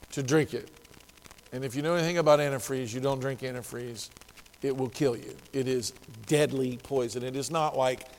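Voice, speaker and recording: A man telling a story in an earnest, spoken manner, rising to loud, emphatic quotes. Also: a little high, long reverb tail. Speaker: ministry speaker telling a story.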